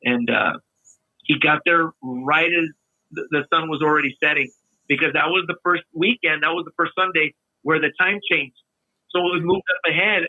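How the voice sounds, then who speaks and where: A man, a podcast guest, chatting casually in a relaxed way with many restarts. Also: on the high side, moderate pace, dry recording. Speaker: podcast guest, musician and video maker. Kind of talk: casual chat. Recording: tinny phone-line sound.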